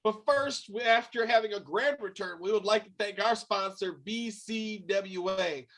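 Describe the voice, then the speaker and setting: A man's voice: sits high, moderate pace, a bit bright. A man co-hosting a casual wrestling talk show, chatting and thanking a sponsor. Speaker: podcast co-host. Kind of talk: casual chat.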